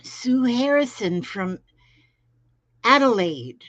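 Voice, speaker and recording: A middle-aged Florida woman hosts a crafting live stream from home, rambling in folksy, casual chat and greeting viewers by name. Her voice sits on the high side, very animated and a bit bright, and she takes her time. The lo-fi stream audio is dull and dry, with no room sound.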